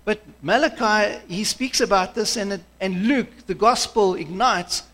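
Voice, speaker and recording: A man's voice: high voice, measured pace, a bit bright. A man preaching a sermon in a passionate, conversational way, with frequent restarts. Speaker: pastor.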